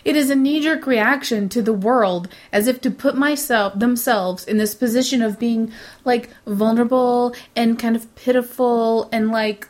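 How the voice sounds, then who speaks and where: A woman's voice: a little high, a little slow. A woman, giving blunt, opinionated casual talk, swearing freely and acting out other people. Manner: blunt, swears, animated mimicry.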